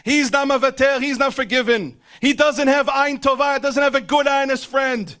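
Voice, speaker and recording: A man's voice: extremely high pitch, fairly even intonation, normal speed, sharp tone. A man voicing an accusing male demon who urgently complains to God about a sinner, told within a religious class.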